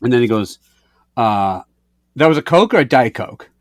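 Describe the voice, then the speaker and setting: A man's voice: medium pitch, animated, normal speed, dry recording, clean studio sound. A man co-hosting a podcast, telling a story in casual chat, acting out both sides and swearing freely. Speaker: podcast co-host.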